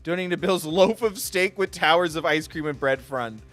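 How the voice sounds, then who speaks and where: A man's voice: a little high, normal speed, fairly bright tone, soft background music. A young adult man streaming a game, joking playfully with chat in a casual way.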